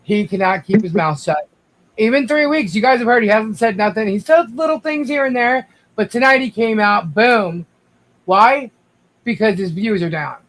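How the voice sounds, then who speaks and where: A man's voice: high voice, animated, normal speed, a bit bright, rough recording. A man speaking as a guest on a livestream, rambling with frequent restarts and addressing the viewers directly. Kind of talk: casual livestream chat.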